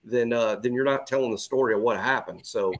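A man co-hosts a sports podcast in relaxed, casual chat. He talks haltingly, often repeating words and restarting his sentences. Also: medium pitch.

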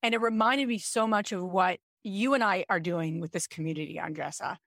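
A woman in her thirties, a podcast co-host, telling a personal story in an animated, chatty way. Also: on the low side, brisk, creaky, no room sound, studio quality. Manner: animated, chatty, with frequent "like" and "I'm like". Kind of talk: casual storytelling chat.

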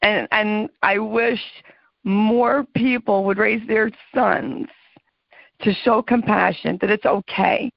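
An older woman speaks in an interview, slow and earnest, with a deeply gravelly, creaky voice. She comes across as emotional. The sound is dry and muffled. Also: no echo. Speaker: mother of a caregiver. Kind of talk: candid interview talk.

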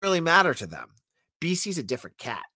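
Animated, blunt male sports podcaster. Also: a little high, fast, no echo. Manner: animated, blunt, addresses listeners as folks. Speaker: podcast host. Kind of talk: opinionated sports podcast monologue.

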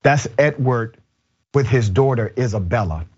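Husky lowish guy hosting political commentary, emphatic, kinda muffled audio. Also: lively intonation, unhurried, a little mellow. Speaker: show host. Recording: dull, lo-fi sound.

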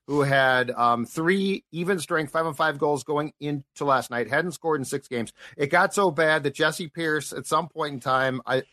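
A man's voice: a little high, a little slow, hardly any pauses, sharp tone. A man hosting a sports podcast, leading the talk and asking questions. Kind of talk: casual sports podcast chat.

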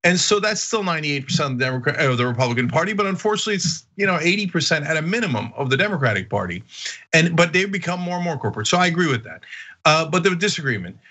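A male host in a political debate, pushing back bluntly and with real force. His voice sits a little high and sounds bright and sharp. He talks in an animated, emphatic way. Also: rapid-fire. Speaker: show host.

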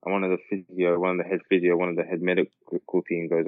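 A man's voice: low voice, completely flat delivery, fast, hardly any pauses, no room sound. A man co-hosting a podcast, chatting casually about football, rambling with lots of fillers and restarts. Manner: rambling, many fillers and restarts, laughs often. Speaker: podcast co-host. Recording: tinny phone-like line.

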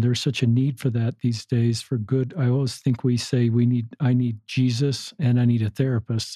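Male host, enthusiastic and chatty, mellow and dry. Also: medium pitch, no room sound. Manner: enthusiastic, complimentary, filler-heavy. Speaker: interviewer. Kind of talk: casual interview chat.

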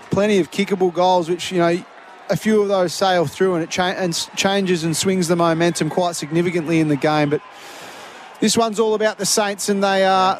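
High, flat-voiced Australian football analyst. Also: male voice, slight background noise. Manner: rambling, halting analysis. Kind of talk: post-match radio analysis.

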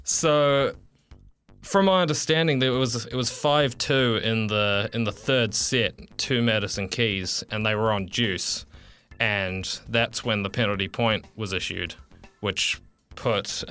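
A man's voice: fairly low pitch, sharp tone, clean tone. A man giving a radio sports update, hesitant, with many fillers and restarts. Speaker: sports reporter.

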